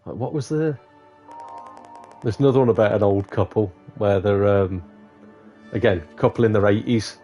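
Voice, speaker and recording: A man's voice: fairly low pitch, normal speed, long pauses, warm tone, faint music behind. A man streaming a racing game, telling crude jokes and laughing often in casual chat. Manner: jokey, laughs often, says "mate". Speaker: gaming streamer.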